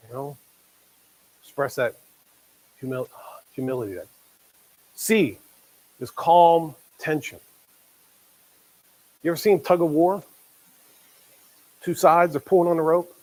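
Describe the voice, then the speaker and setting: A man preaching a sermon as pastor, conversational, acting out quoted voices and dropping quiet for emphasis. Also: fairly high pitch, low-quality recording.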